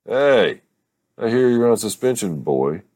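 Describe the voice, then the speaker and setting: A man voicing a lively, teasing grandmother in a storybook reading. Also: sits low, moderate pace, creaky, slightly rough, no room sound, studio quality, pitched above the performer's own voice, heavily acted. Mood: scolding. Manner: teasing, exclaiming.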